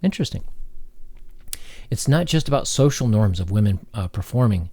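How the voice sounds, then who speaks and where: Brief: male commentator, low mellow voice, sarcastic reading of an article, close dry mic. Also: lively intonation, no echo. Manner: sarcastic, mocking, halting with fillers. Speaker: commentary channel host.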